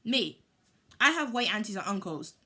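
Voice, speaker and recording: Woman, storytime vlogger, animated, indignant retelling. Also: medium pitch, moderate pace. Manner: animated, heated retelling with lots of "like". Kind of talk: storytime vlog.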